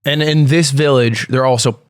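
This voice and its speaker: A man's voice: medium pitch, fairly even intonation, normal speed, clear, resonant tone, no echo, studio quality. A man playing in a tabletop role-playing game, bantering playfully with the table. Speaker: player. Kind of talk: casual tabletop game chat.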